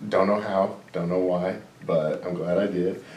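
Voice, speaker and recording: A man's voice: deep voice, steady tone, measured pace, a little mellow. A man hosting a podcast, chatting casually and joking, rambling and self-deprecating. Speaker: podcast host. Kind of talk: casual interview. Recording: echoey room, mic at a distance.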